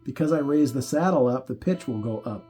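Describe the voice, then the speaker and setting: A man walking through a guitar setup step by step, talking in a relaxed way while he works and thinking aloud as he goes. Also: mid-range voice, a little fast. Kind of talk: hands-on tutorial explanation.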